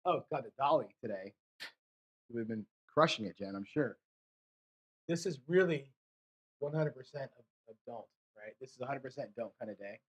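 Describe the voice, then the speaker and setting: A man's voice: medium pitch, lively intonation, normal speed, long pauses, husky. A man giving casual live commentary while rolling dice, frustrated and muttering to his viewers, swearing between rolls. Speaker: craps streamer.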